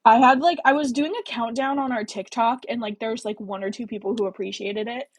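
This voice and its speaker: A woman's voice: on the high side, steady tone, fairly quick, slightly rough, no room sound, low-quality recording. A young woman with a general American accent, hosting a casual book club livestream, rambling and swearing freely with lots of fillers. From American Midwest.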